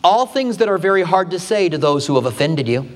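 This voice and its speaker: A man's voice: animated, brisk. Guy preaching a sermon, acts out the quotes, echoey church hall. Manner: dramatic retelling with acted quotes, shifting pitch widely. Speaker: pastor.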